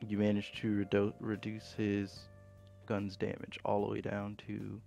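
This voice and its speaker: Low gravelly guy running a tabletop game, flat steady voice, faint music behind. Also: a little slow. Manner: casual, patient rules explanations with fillers. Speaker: game master.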